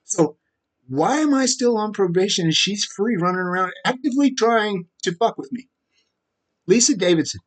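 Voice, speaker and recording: A man talking straight to camera in a rambling, profane monologue that keeps jumping to louder, higher bursts. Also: animated, normal speed. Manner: rambling, profane, with sudden loud rises. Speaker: vlogger.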